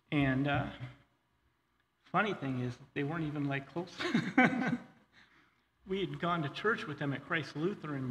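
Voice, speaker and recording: A middle-aged man shares his testimony in a church hall, speaking in an earnest, halting way with plenty of fillers and false starts. His voice sits at an ordinary pitch and carries a long reverb from the big room. A faint ambient hiss runs underneath. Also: fairly bright tone. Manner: halting, full of fillers and restarts; earnest, says he gets choked up. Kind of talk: personal testimony talk.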